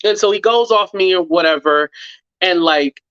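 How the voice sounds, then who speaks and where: Here a YouTube commentary host speaks to his audience in a high, clear, resonant voice at a moderate pace, casual and lively, with plenty of profanity. He performs quotes in mocking tones and says "blah, blah." The audio is dry and muffled.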